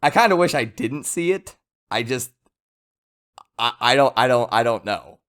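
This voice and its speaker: A man giving a casual, rambling video review of a comic chapter, chatty and lively. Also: mid-range voice, moderate pace. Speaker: manga reviewer.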